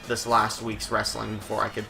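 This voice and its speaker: A man's voice: fairly low pitch, monotone, normal speed, creaky, sharp tone, faint music behind. A young man live-streaming a wrestling video game, rambling and joking through mock play-by-play commentary from home. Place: home room while streaming.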